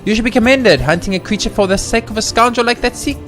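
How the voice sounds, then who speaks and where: A man's voice: sits high, fast talker, soft background music, pitched above the performer's own voice. A man voicing a kindly former sky pirate who reminisces and praises the hero. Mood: praising. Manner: warm storytelling, reminiscing.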